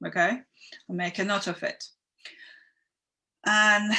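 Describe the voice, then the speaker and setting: A woman's voice: mid-range voice, big pitch swings, measured pace, long pauses, pushed and bright. A woman hosting a live online workshop, chatty and encouraging as she reads out viewers' comments and guides them. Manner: chatty and encouraging, with frequent ums. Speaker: online workshop host and coach. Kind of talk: live-streamed teaching, reading viewer comments.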